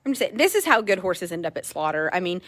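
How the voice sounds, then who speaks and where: A woman horse trader chatting casually in a barn, jokey and animated, often swearing. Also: on the low side, fast talker. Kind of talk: casual chat.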